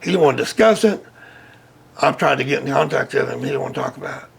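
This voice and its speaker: A man telling a story as an interview guest, animated and loudly acting out quotes. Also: mid-range voice, quick pace. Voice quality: gravelly. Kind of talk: casual storytelling.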